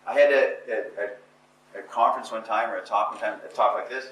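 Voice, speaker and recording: A man giving a live motivational talk to an audience, emphatic and repetitive, building to forceful exhortation. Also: on the low side, steady tone, fairly quick. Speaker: motivational speaker. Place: indoor conference or seminar room. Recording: echoey room, voice picked up from a distance with faint noise.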